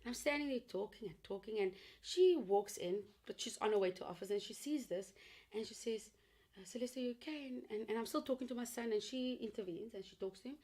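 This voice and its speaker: A woman's voice: medium pitch, brisk, mellow, slightly rough. A woman, a photographer and radio host, talking earnestly as an interview guest and repeating words as she goes. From South Africa. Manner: earnest, talks in long run-on stretches with repeated words. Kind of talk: casual conversation.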